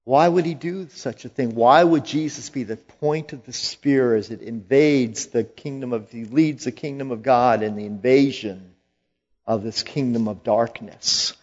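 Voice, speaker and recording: A man preaching a sermon slowly and emphatically, rising to loud, forceful quoted lines. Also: medium pitch, muffled recording.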